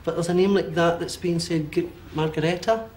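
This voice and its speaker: A Scottish man in his forties giving a medium's reading, talking in a quick, animated way with many fillers and checks. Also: fairly high pitch, a little hiss or hum. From Scotland. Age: 40s. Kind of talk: live one-to-one reading before an audience.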